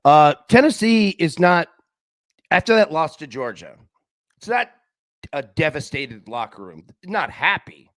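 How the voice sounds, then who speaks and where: A man's voice: fairly high pitch, lively intonation, measured pace, a bit bright, no echo. A man hosting a live sports betting show, chatting casually with viewers and giving his picks, with slang and frequent restarts.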